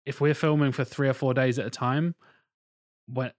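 A man co-hosting a podcast in casual chat. He tells stories with animated energy and swears freely. His voice sits in an ordinary middle pitch. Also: normal speed. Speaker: podcast co-host.

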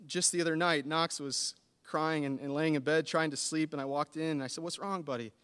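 A man in his thirties preaching a sermon, earnest and building to animated emphasis. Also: fairly high pitch, a little fast, smooth. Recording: long hall reverb.

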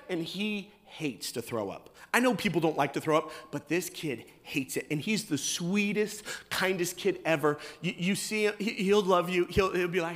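A fairly high-voiced man in his thirties preaches to a congregation, slipping into acted-out voices and bursts of shouting as he tells his story. His voice rings with the long reverb of a large hall. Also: animated, moderate pace. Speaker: pastor. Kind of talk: sermon.

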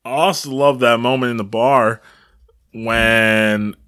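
Bright-voiced young man chatting casually. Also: mid-range voice, steady tone, slow, smooth. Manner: laughing, recaps scenes, acts out quotes. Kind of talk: casual chat.

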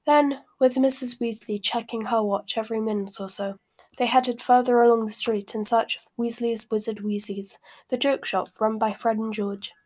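A woman reads a novel aloud with steady, expressive narration. Her voice sits fairly high. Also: normal speed. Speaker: reader.

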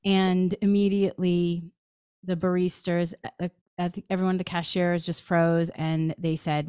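Woman, podcast host, animated storytelling, slightly low voice, smooth and clear, dry close sound. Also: measured pace, dry recording. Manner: animated, acts out her own dialogue. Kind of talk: personal storytelling.

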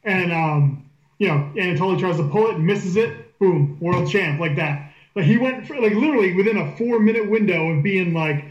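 Coach guest, male, animated storyteller, echoey muffled remote audio. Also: sits high, moderate pace. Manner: animated storyteller, swears freely. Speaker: powerlifting coach. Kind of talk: casual storytelling on a podcast.

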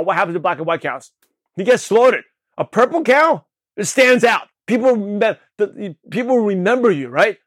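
A man from Brooklyn, New York, hosting a show and giving an energetic motivational talk on network marketing, with a slight lisp, often checking in with the listener. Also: sits high, no room sound. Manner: energetic, repetitive, asks the listener questions. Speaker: podcast host, network marketing coach.

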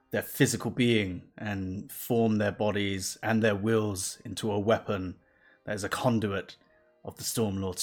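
A man voicing a towering, calm male warrior-priest who speaks in a slow, measured, solemn way. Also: fairly low pitch.

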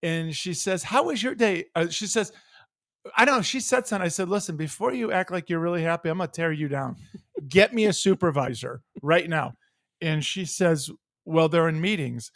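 A man's voice: a little high, normal speed, no echo, clean studio sound. A man from the United States telling a heated, profane story on a podcast, acting out both sides of a phone call. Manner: animated, profane, acts out phone calls. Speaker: podcast co-host. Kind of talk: casual storytelling rant.

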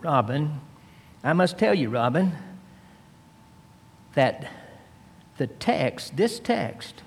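A man delivers a sermon, retelling a story with slow, emphatic drama. His voice is a little husky. It rings out with a long reverb, as if in a large church hall. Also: on the high side. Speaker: preacher.

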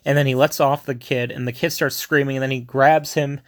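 A man's voice: medium pitch, fairly even intonation, fairly quick. A man casually retelling a film plot in a rambling way, with many fillers and asides.

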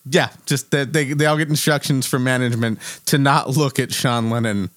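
A musician chatting casually, telling stories with lots of "like" and "you know" and breaking into laughter. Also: male voice, mid-range voice, normal speed, no echo, studio quality. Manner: animated storyteller, laughs a lot, filler-heavy. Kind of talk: casual chat.

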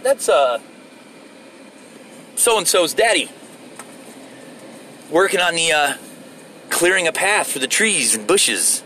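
A man's voice: on the high side, sing-song, slow pace, long pauses, sharp tone, slight background noise. A man from Florida ranting casually while driving, rambling, profane and sarcastic. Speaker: vlogger. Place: inside a moving vehicle.

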